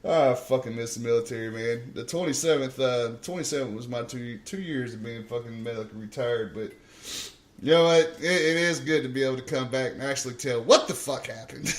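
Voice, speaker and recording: A man with a medium-pitched voice talks a little fast. He's a podcast co-host and army veteran, swearing and laughing his way through rowdy stories in a casual chat.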